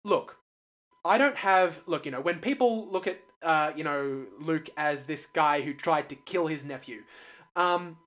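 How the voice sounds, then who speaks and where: Australian guy, slightly higher voice, rambly film-talk co-host who restarts his sentences a lot. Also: a little slow, a bit bright. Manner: rambling, many restarts and fillers. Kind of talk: casual film discussion.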